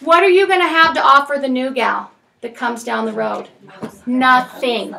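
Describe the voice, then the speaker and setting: A woman's voice: high voice, normal speed, gravelly, pushed and bright, recorded from a distance. A woman leading a parenting class for people in recovery, talking frankly and emphatically with many tag questions. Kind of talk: recovery group lesson. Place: meeting room with group.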